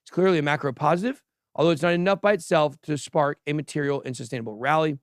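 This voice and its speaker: A man's voice: on the high side, quick pace, dry recording, studio quality. A man hosting a crypto livestream, chatting casually and bantering boastfully with his crew and the chat. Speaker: host of a crypto news livestream.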